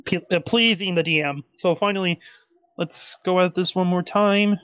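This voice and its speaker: A man narrates a tabletop session as game master, rambling along with plenty of fillers. His voice sits a bit high, and it comes through dry and close, with no room sound. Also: steady tone, normal speed, fairly bright tone, clean tone, dry recording.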